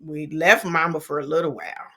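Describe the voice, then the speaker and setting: A woman's voice: sits low, a little fast, bright, forceful tone, slightly rough. Earnest middle-aged woman co-host. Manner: earnest storyteller, vivid retelling with restarts. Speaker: podcast co-host. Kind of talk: casual conversation.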